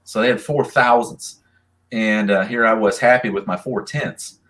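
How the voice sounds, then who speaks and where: A man, a drag racer and racing association president, tells stories casually in a live Q&A, rambling and animated. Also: lowish voice, moderate pace. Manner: rambling, animated, voices other people's lines.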